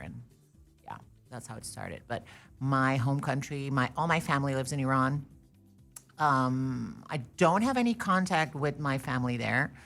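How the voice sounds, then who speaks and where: A young woman who grew up in the Netherlands, a podcast guest chatting playfully with quick self-corrections. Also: very deep voice, creaky, a bit bright. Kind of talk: casual chat.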